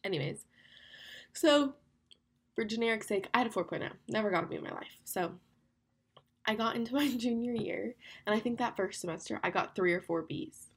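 A woman's voice: medium pitch, creaky, husky. A young woman hosting a podcast on her own, talking casually and candidly with lots of fillers. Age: young adult. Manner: chatty, candid, fast with lots of "like". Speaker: podcast host. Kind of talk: casual solo podcast talk.

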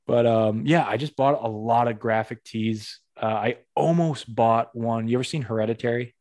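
A young man from Western Massachusetts with a light local accent hosts a casual podcast chat. His voice sits in an ordinary middle register, and his stories come out lively and animated. He acts out other people's lines as he goes. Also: medium pitch, normal speed. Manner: animated storytelling, acting out quotes. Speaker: podcast host.

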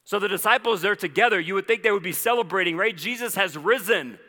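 A man preaching with a bright, forceful voice that rings through a church hall with long reverb. He tells stories with animated, conversational asides, and his pitch sits a little above the usual. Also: fast talker. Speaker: pastor. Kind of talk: sermon.

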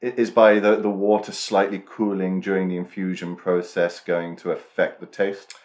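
A man with a very low voice co-hosts a podcast. He speaks with dry, teasing humor and keeps quizzing his partner in casual chat. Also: flat delivery, moderate pace, darkish tone. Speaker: podcast co-host.

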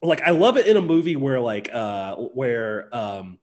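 A man's voice: mid-range voice, sing-song, a little slow, a little mellow, lo-fi sound. A man co-hosting a podcast, chatting enthusiastically with many fillers. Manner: enthusiastic, filler-heavy, lots of "like" and "um". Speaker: podcast co-host. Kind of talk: casual chat.

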